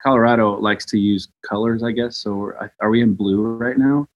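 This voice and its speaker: A man's voice: fairly low pitch, fairly even intonation, moderate pace, lo-fi sound. A man chatting as an interview guest, joking easily and talking with lots of fillers. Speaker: church musician guest. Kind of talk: casual interview chat.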